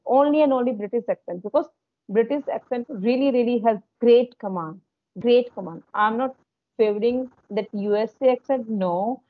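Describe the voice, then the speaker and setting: Woman on a tinny call line, fairly high voice, dry sound, halting speech with fillers. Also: no room sound. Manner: hesitant, many fillers and restarts. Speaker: English learner in group discussion. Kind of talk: casual discussion. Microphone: video call. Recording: tinny phone-like call audio.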